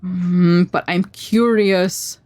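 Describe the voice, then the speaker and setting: A woman streamer reading a text adventure game aloud, with playful asides and brisk narration. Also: lowish voice, steady tone, a little mellow.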